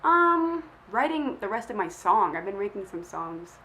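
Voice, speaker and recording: A woman's voice: mid-range voice, very animated, a little slow, bright, forceful tone, a little hiss or hum, rough recording. A young woman who is feeling sick, chatting casually to camera as she answers questions in a rambling, self-deprecating way full of filler words. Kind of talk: casual chat.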